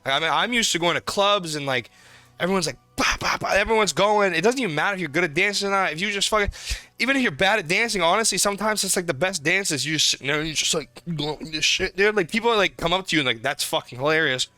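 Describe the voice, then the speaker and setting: A man's voice: high-pitched, fast, dry recording, soft background music. A young man from New England co-hosting a podcast, telling stories animatedly in casual chat and swearing a lot. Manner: animated storytelling, heavy swearing. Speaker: podcast co-host.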